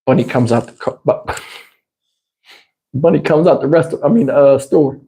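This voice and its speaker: A man hosting a livestream, telling a story in an animated, profane, casual way and laughing along. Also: medium pitch, moderate pace, gravelly, long pauses. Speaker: channel host.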